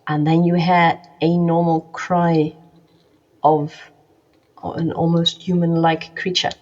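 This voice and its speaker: A woman's voice: fairly low pitch, little pitch movement, takes it slowly, a little mellow, lo-fi sound. A woman narrating as game master of a tabletop game, hesitant and full of fillers.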